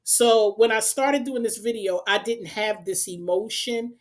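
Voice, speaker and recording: A woman's voice: medium pitch, a little slow. A woman hosts an unedited commentary vlog, talking straight to her viewers in an exasperated, emphatic and repetitive way. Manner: direct address to the audience. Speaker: channel host.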